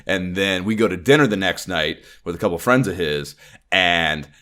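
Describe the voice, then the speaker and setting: A man's voice: low-pitched, normal speed, sharp tone. A man hosting a podcast, telling a rambling, profane story in casual chat and often breaking into laughter. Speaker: podcast host.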